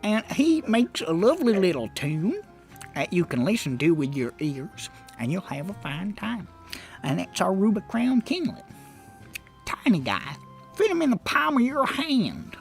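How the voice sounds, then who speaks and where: A woman's voice: medium pitch, very animated, a little slow, vocal fry, faint music behind. A woman doing a folksy merchant man. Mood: chatty. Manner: drawling folksy salesman patter. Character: folksy male pet shop merchant, chatty.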